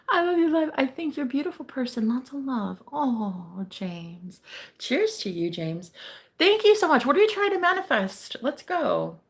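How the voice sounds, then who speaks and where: A woman's voice: high voice, very animated, unhurried. A young woman hosting a casual livestream as a psychic reader. She chats with viewers, laughs often and swears casually.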